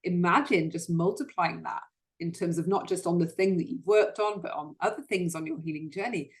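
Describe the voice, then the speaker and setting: Earnest woman, lowish voice. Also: a little fast. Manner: earnest, repeats words when starting sentences. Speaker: host. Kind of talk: solo self-help talk.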